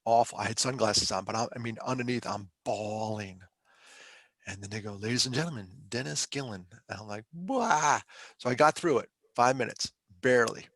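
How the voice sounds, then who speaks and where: Middle-aged guy, gravelly voice, dry close sound, talking openly and emotionally on a podcast. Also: on the low side, fairly quick, fairly bright tone, no room sound. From Pennsylvania. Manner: conversational, emotional, self-deprecating. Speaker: podcast guest, mental health speaker. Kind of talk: candid interview storytelling.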